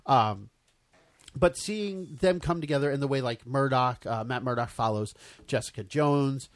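A man in casual chat about a show, animated, swearing freely and often repeating words. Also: mid-range voice, a little slow.

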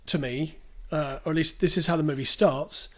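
A man's voice: fairly high pitch, fairly even intonation, normal speed. A man co-hosting a podcast, recapping a film in a rambling, hesitant way full of fillers and restarts. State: clearing his throat. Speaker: podcast co-host. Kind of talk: casual film discussion.

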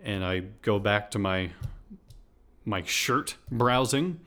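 A man's voice: lowish voice, animated, takes it slowly, a bit bright. A man hosting a podcast, telling a comedic story in a rambling, sarcastic way with many restarts and asides. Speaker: podcast host. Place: Houston.

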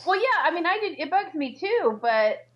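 A woman's voice: very high voice, big pitch swings, moderate pace, a little hiss or hum. Woman guest on a dull lo-fi line. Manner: conversational, explanatory. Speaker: podcast guest. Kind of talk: casual TV review chat.

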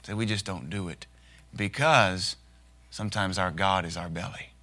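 A man preaching a sermon, his voice bright and forceful. He talks in a folksy, joking way and drops into short acted asides to make a point. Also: low voice, moderate pace. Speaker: pastor.

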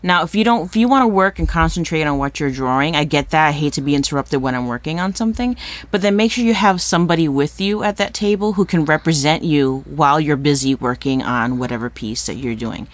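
A woman co-hosting a podcast, chatting casually and telling stories with animated, playful energy. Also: deep voice, brisk. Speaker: podcast co-host. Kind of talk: casual chat.

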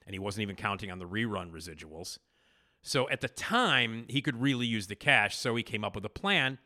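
A man hosting a podcast, casually retelling a TV backstage story with animated emphasis and frequent fillers. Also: lowish voice, fairly quick. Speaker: podcast host.

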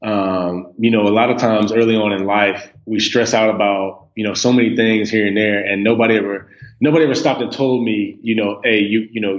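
A man in his thirties talking as a guest on a casual podcast, relaxed, with many restarts and "you know"s. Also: fairly low pitch, muffled recording. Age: 30s. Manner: laid-back, stammers on restarts, says "man" and "you know" a lot. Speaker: podcast guest, snack company co-owner.

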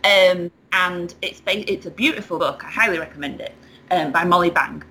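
Woman, chatty storyteller, bright voice, faint hiss. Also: fairly low pitch, normal speed, low-quality recording. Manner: animated storyteller, laughs often. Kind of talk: casual chat.

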